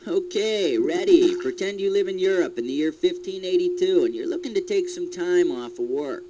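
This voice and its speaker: A man playing a wisecracking male quiz show host, quippy and quick to laugh. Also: high voice, lively intonation, very noisy. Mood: quizzing. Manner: quippy, jokey, laughs easily.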